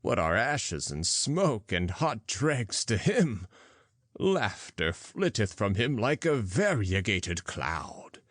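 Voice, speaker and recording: A man's voice: lowish voice, sing-song, slow, a bit bright, no echo, exaggerated voice. A man reading as a solemn prophet, declaiming in archaic English. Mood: mocking. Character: solemn prophet speaking in parables.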